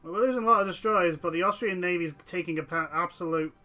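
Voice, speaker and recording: A man talks his way through a strategy game. His voice sits high and sounds crisp, and he keeps barking orders and grumbling at the nations on his screen while a faint hiss runs underneath. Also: fast, pushed and bright. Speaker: gameplay commentator. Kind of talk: strategy game let's play commentary.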